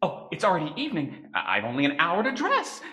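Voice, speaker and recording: A woman's voice: on the low side, wildly swooping pitch, fast talker, pushed and bright, heavily acted. A woman voicing a fussy, flustered elderly male angel in an old-time radio play.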